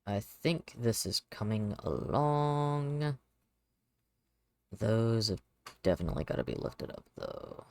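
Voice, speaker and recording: A woman's voice: rumbling low, big pitch swings, takes it slowly, no room sound. A woman streamer talking to herself as she works on a 3D model, muttering and humming as she goes. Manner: mumbles to herself, sings softly, talks to her cat. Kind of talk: casual stream narration while 3D modeling.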